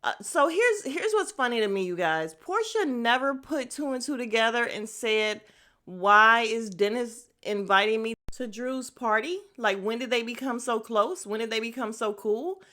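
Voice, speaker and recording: Blunt, gossipy woman podcaster, higher voice. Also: lively intonation, moderate pace, sharp tone. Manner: candid, gossipy and blunt, with frequent profanity; drifts into tangents and self-aware asides to listeners. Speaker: podcast host recapping a reality show. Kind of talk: casual recap chat.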